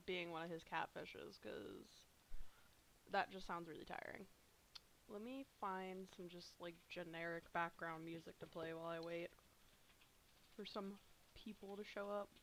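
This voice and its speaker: A woman's voice: medium pitch, a little hiss or hum. A woman live streamer chatting casually into her computer mic while she eats, upbeat and talkative. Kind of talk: casual livestream chat.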